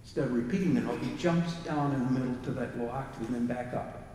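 A fast-talking man with a warm, mid-range voice delivers a casual music lecture, heard distantly in an echoey hall with some hiss or hum. He uses filler words as he hesitates and sings short bits to show the rhythms.

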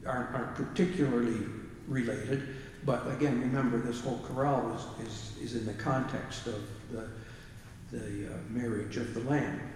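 A man's voice: mid-range voice, fairly even intonation, moderate pace, a little mellow, a little hiss or hum. A man giving an informal music lecture, hesitating with fillers and singing short phrases to show the rhythms. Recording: echoey hall from far off.

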